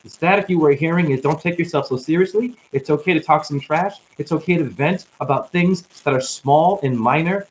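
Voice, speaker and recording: A man hosting a loose livestream, talking in a preachy, rambling way. His voice jumps from loud bursts down to low mutters. Crackling static runs under the whole recording. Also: a little fast, hardly any pauses. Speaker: livestream host.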